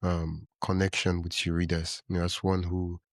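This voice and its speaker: A man's voice: sits low, flat delivery, normal speed, no room sound, clean studio sound. A man hosting a podcast interview, asking rambling, hesitant questions. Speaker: podcast host. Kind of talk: casual interview chat.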